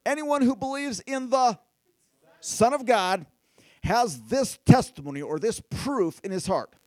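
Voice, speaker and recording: A man preaching a sermon, animated and talking straight to his listeners, at times rising to near-shouts. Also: very high-pitched, unhurried, no room sound. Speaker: pastor.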